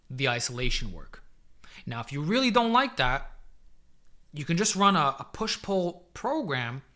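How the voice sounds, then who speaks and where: A fitness coach answers viewer questions on a casual live stream, chatty and full of energy. His voice sits fairly high for a man and comes across bright and forceful. He talks into a desk mic that he sometimes drifts away from. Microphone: desk microphone he sometimes leans away from.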